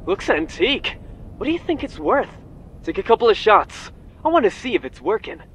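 An actor voicing a calm, wry male explorer in a video game. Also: sits high, normal speed, husky, heavily acted, low-quality recording. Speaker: game character.

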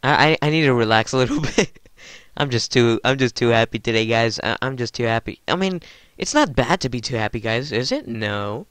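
Man, gaming host, excitable and stumbling over words, smooth voice. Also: medium pitch, fairly quick, no room sound. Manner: giddy, stammering, keeps addressing viewers as guys. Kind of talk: excited gameplay commentary.

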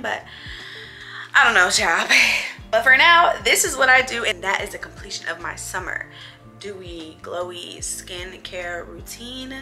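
Young woman, beauty vlogger, bright crisp voice, playful chatty tone, faint music underneath. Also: medium pitch. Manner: chatty, playful, talks to viewers as girls. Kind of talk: casual chat to camera.

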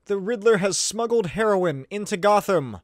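A male host narrating a comic-book recap with a sarcastic, irreverent edge. His voice is a bit high for a man and bounces around animatedly. The sound is close and dry. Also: animated, normal speed, dry recording. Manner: sarcastic, swearing, laughs at the pictures. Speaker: video host.

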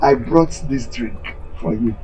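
Over soft background music on lo-fi audio, a man with a Nigerian accent acts as a scheming younger brother and chief who won't stop pleading for his elder brother's land. Unhurried but lively in intonation, he wheedles and keeps repeating "brother" with sharp pitch swings.

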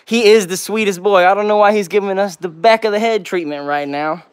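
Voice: mid-range voice, fairly quick, smooth. A pet channel host chatting on a casual livestream, greeting viewers by name, reading out comments and cooing at the dogs. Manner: affectionate baby talk with the dogs.

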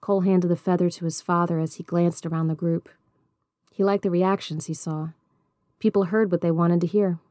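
A woman reading a novel aloud in a measured, even storybook narration. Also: fairly low pitch, no echo, studio quality. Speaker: audiobook reader.

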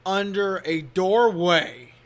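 A man's voice: sits high, takes it slowly. A man co-hosting a casual movie podcast, recapping the plot step by step. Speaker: podcast co-host.

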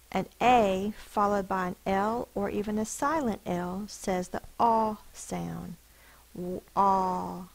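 This spelling lesson, recorded with poor audio, is led by a woman teacher whose medium-pitched voice is creaky. She takes her time, carefully sounding out words and patiently explaining the rules for every sound.

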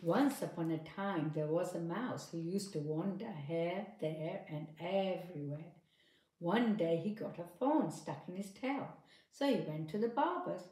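A woman narrating a children's story in a clear, steady storytelling manner. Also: lowish voice, a little slow. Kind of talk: children's story read-aloud. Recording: echoey room.

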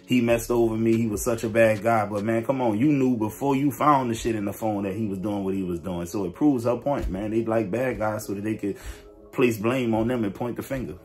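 A man's voice: lowish voice, brisk. A man hosting a reaction video, giving blunt, slangy, emphatic commentary. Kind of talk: casual commentary.

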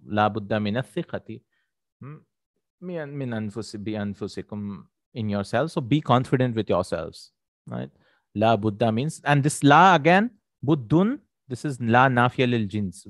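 Male Arabic teacher, lowish voice, dry recording; patient explainer who repeats terms and checks for understanding. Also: no room sound. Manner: checks in with "right?" and "hmm?", repeats Arabic words slowly. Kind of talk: explaining a textbook lesson.

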